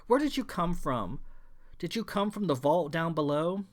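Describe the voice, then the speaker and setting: Feral clawed cat-woman voiced by a man, guttural and purring, sung up higher and louder, taunting. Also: lively intonation, moderate pace, natural voice. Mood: curious. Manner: taunting and playful. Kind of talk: audiobook character voice.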